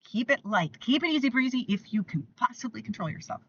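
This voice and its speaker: A woman's voice: on the high side, expressive, brisk, distant mic, lo-fi sound, slight background noise. Older woman giving blunt parenting advice. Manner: emphatic and repetitive, acts out gentle scripts for toddlers. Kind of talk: direct-to-camera parenting advice.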